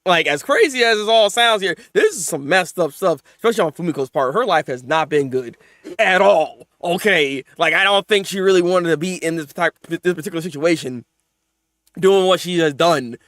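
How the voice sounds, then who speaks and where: A man hosting a live manga reaction, talking in casual slang, often laughing and swinging between mumbled asides and loud excited outbursts. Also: high voice, normal speed, dry recording, clean studio sound.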